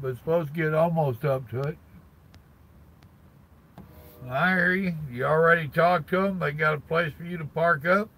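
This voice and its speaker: An older man with a gravelly, crackly edge and a bright, forward tone, drawling casually. He talks from his truck cab like he's catching up with old friends, greeting people by name. His voice sits a touch higher than you'd expect. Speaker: truck driver live-streamer. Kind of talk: casual live stream chat with viewers.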